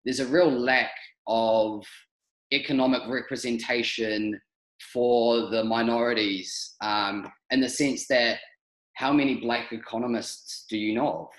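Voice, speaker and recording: A man's voice: mid-range voice, steady tone, unhurried. New man hosting in an echoey room. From New Zealand. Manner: thoughtful, hesitant, many ums. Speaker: podcast host. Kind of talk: podcast interview.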